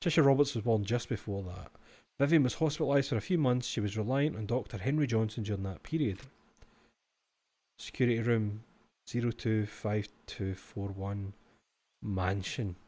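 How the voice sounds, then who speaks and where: A man's voice: on the low side, normal speed, a little mellow. Sweary Scottish man streaming a game. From Scotland. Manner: swears freely, reads game text aloud, joking asides. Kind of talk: livestream gameplay commentary.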